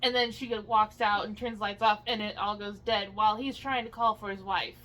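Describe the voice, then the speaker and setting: A woman co-hosting a movie review channel in casual chat, soft-spoken and a little hesitant. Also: mid-range voice, fairly even intonation, fairly quick, a little hiss or hum, poor audio.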